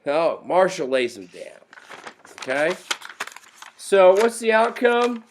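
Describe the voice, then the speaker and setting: A man giving a lively, playful classroom lecture on history, joking with students in slang. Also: high-pitched, takes it slowly, long pauses, slight background noise. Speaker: history teacher.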